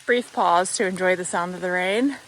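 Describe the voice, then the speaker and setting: This hiking vlogger has a lowish, slightly bright voice and a moderate pace, with a little hiss or hum in the audio. Walking along a mountain trail, she talks cheerfully and casually to her handheld camera and laughs readily.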